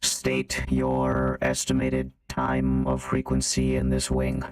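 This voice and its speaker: A man voicing a monotone robotic security console through a robot voice filter, speaking in a clipped, official way. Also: extremely low pitch, takes it slowly, pitched below the performer's own voice, rough recording. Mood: officious.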